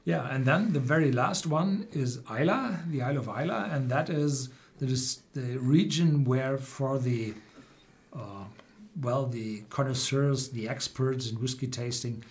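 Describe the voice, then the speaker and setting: A man, a German native speaker, hosting a whisky tasting livestream and explaining the regions with many pauses and restarts. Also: medium pitch. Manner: hesitant, many fillers and restarts.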